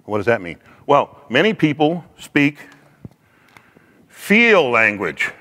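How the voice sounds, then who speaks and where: A man giving a faith-based teaching talk in a lively, conversational way, acting out quoted speech. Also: a little high, normal speed, big-room sound.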